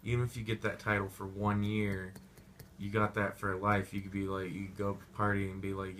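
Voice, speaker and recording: A man's voice: lowish voice, completely flat delivery, moderate pace, a bit bright, a little hiss or hum. A young man giving a rambling, profane casual movie review, full of slang and goofy asides.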